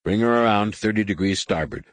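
A man voicing a blunt ship captain who gives short orders, in a husky voice. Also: on the low side, fairly quick, no room sound, lightly acted. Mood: terse. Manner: blunt, commanding. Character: terse male ship captain.

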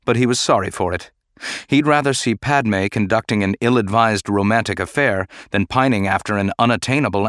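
An audiobook narrator reads a novel from a script in a measured, even manner. His voice is lowish, with studio-quality sound and no echo.

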